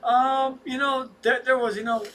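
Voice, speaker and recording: A man's voice: very high-pitched, little pitch movement, normal speed, sharp tone, distant mic, low-quality recording. A man co-hosting a casual livestream chat, rambling and restarting as he talks, set back from the mic with faint noise behind. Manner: rambling, restarts often, stretches words when stressing them. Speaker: co-host of a fish rescue livestream.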